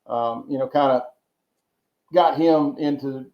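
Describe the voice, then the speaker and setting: A medium-pitched man takes his time, a Georgia podcast guest telling long, rambling stories peppered with repeated words and folksy asides. The casual interview is recorded with a dull, roomy, lo-fi quality.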